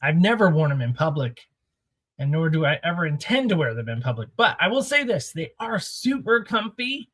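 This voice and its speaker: A man's voice: fairly high pitch, fairly bright tone. A man hosting a casual countdown vlog from a small home studio, playfully building suspense before each reveal. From Oregon. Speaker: host of a sneaker countdown show.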